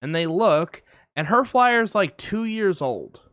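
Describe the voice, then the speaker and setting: A man's voice: high-pitched, big pitch swings, a little slow, fairly bright tone, no room sound. A man co-hosting a casual podcast, telling a long rambling story with lots of fillers on a close mic. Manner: rambling anecdote, many fillers. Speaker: podcast co-host. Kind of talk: casual film podcast chat.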